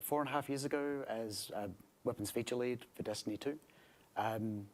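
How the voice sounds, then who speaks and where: A man with a mild Australian accent, soft-spoken and timid, speaking as a developer guest on a livestream. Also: medium pitch, normal speed.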